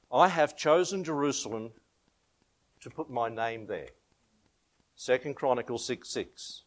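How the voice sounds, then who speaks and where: A middle-aged Australian pastor in a relaxed, chatty sermon. His voice sits at an ordinary mid pitch, and he drifts easily from scripture reading into anecdotes, laughing at his own stories. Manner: reads scripture in King James wording, leads prayer. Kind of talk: informal sermon with Bible reading.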